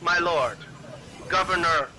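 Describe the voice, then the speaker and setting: A man's voice: a little high, slow pace, sharp tone, slight background noise, exaggerated voice, rough recording. A man voicing a bold, scheming female harper agent in a tabletop game, speaking in solemn, formal oaths. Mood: commanding.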